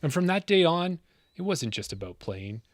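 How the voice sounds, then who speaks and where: A man hosting a podcast, telling a dramatic scripted story with big pauses, then chatting casually with his guest. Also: a little high, big pitch swings, no room sound. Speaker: podcast host.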